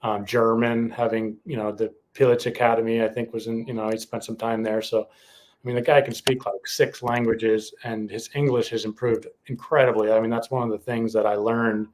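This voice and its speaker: A man's voice: on the low side, flat delivery, moderate pace, a little mellow. Hesitant man co-hosting a podcast. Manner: hesitant, many fillers and restarts. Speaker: podcast co-host. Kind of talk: casual chat.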